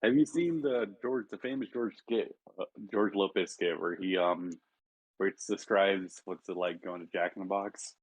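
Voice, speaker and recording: A young man co-hosting a casual online chat, telling stories with relaxed banter. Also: deep voice, normal speed, no echo. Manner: storytelling, acts out quotes. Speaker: co-host. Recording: dull lo-fi mic.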